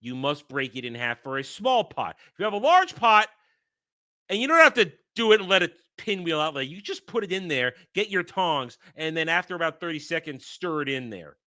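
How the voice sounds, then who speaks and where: A New York man streams and reacts to clips, ranting with mock outrage and lots of swearing. His voice sits a little high and comes out very animated, a little fast, and sharp.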